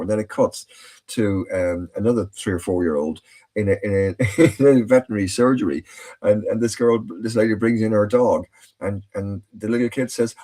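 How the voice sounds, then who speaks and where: An Irish man hosts a casual podcast, telling anecdotes chattily and often restarting his sentences. His voice is lowish and dark-toned, and he speaks fairly quickly.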